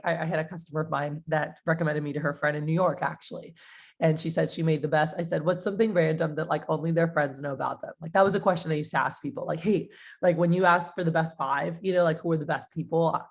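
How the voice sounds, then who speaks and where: Chatty young woman with a lowish voice. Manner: chatty, acts out phone calls in a bright higher voice. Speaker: sales trainer. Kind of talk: casual sales training talk.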